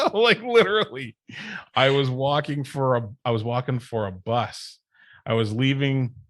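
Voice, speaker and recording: A man of ordinary pitch talks as a guest on a podcast, recounting his past in an easy, casual way. He gets animated and laughs often while telling it. The sound is close and dry with no room around it. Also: measured pace, long pauses, no room sound. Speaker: podcast guest, wrestling manager. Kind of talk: casual storytelling chat.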